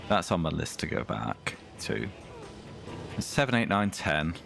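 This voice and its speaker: Gravelly low-voiced male streamer. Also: sing-song, unhurried, over music. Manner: chatty, reads aloud and comments dryly. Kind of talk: casual chat while streaming a game.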